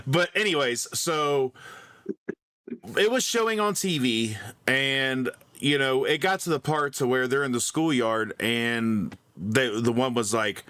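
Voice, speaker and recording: A man's voice: mid-range voice, wildly swooping pitch, slow, long pauses, bright, forceful tone. Rambling man telling a story. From grew up in the country. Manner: rambling, many fillers and restarts, laughs at himself. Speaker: podcast co-host. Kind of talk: casual storytelling.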